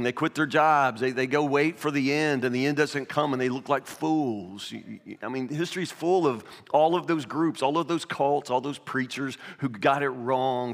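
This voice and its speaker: Speaking with vocal fry at a medium pitch, a male pastor delivers a sermon that opens with a scripture reading and moves into a children's fable told loosely and repetitively. The sound carries the long reverberation of a hall.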